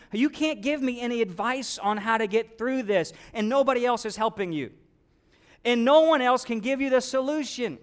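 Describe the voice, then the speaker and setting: A man preaching a sermon with dynamic delivery, rising to loud exclamations and dropping to hushed quotes. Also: very high voice. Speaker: pastor.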